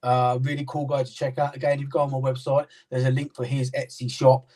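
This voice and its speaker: A man's voice: medium pitch, little pitch movement, quick pace, mellow, far from the mic, low-quality recording. A British man in casual chat, rambling with many fillers and restarts as he explains his knife-sharpening work. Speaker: knife sharpener and maker, guest. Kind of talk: casual chat on a live stream.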